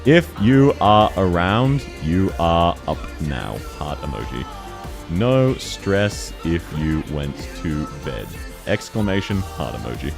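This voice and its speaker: Young man, game streamer, lively swinging pitch, laughs a lot, faint music behind. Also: slow, creaky. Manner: giggly, chatty, greeting chat viewers by name. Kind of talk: casual game-stream chat.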